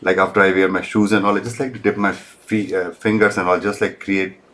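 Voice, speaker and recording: A man guest on a live crystal show, explaining in a hesitant, halting way with many pauses. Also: low-pitched, little pitch movement, a bit bright, slight background noise.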